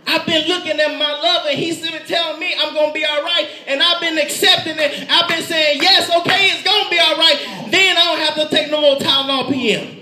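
A man preaching a lively sermon with an animated, playful delivery, laughing and shouting in bursts. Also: very high voice, brisk, crowd noise. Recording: echoey room.

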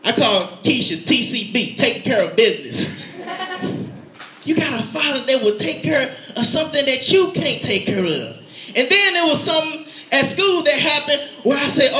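A man preaching a lively sermon with an animated, playful delivery, laughing and shouting in bursts. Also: very high voice, normal speed. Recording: echoey room.

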